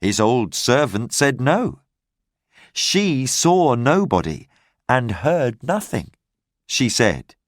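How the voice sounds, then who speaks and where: A man narrating a simple graded reader story in a clear, careful way. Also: mid-range voice, sing-song, no room sound, clean studio sound. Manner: slow, clear, carefully paced reading.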